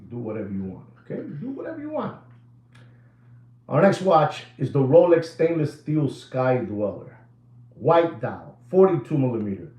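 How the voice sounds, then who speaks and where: This man has a medium-pitched, dark voice and speaks emphatically in an echoey room. Commenting on the watch market, he gives animated, repetitive takes on prices, sprinkled with Spanish phrases.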